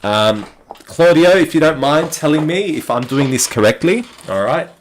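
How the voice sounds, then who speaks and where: An Australian man hosting a casual live chat stream and talking to viewers in a relaxed, rambling way with many fillers. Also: fairly high pitch, normal speed, slight background noise.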